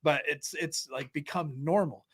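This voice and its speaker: A man's voice: a little high, measured pace, fairly bright tone, breathy edge. Rambling, laughing American man host. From United States. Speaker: podcast host. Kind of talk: casual chat.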